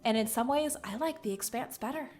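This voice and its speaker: A woman from the Southern United States with a light Southern American accent, hosting a stream as game master in excitable, bubbly casual chat. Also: on the high side, brisk, soft background music. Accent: light general Southern American. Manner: bubbly, excitable, laughs often.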